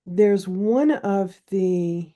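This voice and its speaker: A woman's voice: mid-range voice, drawn-out words, warm tone, muffled recording. A woman poet, a guest in a casual interview, telling stories in a chatty way. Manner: chatty storytelling.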